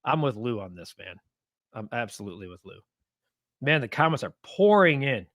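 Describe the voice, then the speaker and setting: A man's voice: medium pitch, moderate pace, no echo, clean studio sound. A man hosting a casual live sports talk stream, reading comments and getting heated as he rants. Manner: animated, gets heated and rants.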